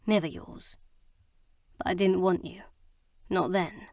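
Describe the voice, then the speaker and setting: A woman voicing a gruff, brooding male romantic hero in an audiobook, speaking low and soft. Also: steady tone, slow, no room sound, studio quality. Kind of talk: audiobook character reading.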